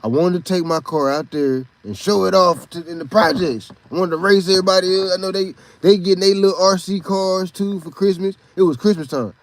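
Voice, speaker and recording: A man's voice: high voice, fairly even intonation, brisk, few pauses. A man from Texas with a Texan accent, a podcast host telling a rambling, profane story in a casual monologue.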